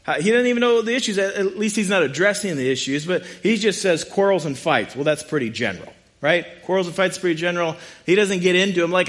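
A man preaching a sermon in a conversational, animated way, with frequent asides. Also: high voice. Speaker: pastor.

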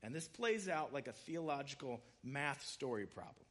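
Bright-voiced male preacher, conversational. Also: medium pitch, normal speed. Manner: animated, conversational, acts out quoted voices. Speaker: pastor. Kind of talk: sermon.

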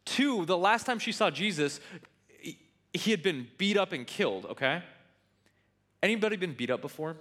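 Animated, joking male preacher. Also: high voice, normal speed, pauses often. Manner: animated, conversational, joking asides. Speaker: pastor. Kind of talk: sermon.

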